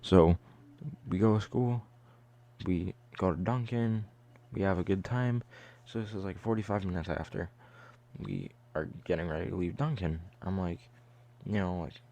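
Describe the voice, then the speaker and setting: A man's voice: sits low, moderate pace, creaky, mellow, dull audio. A young man telling a casual storytime vlog in a loose, chatty way, leaning heavily on "like". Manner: loose, chatty, heavy use of "like". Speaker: vlogger.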